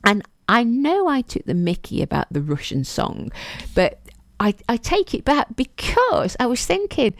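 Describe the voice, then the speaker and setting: Chatty woman with a gravelly edge. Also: a little high, huge pitch swings, unhurried, no echo. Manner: chatty and self-mocking, laughs at herself. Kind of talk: casual solo monologue.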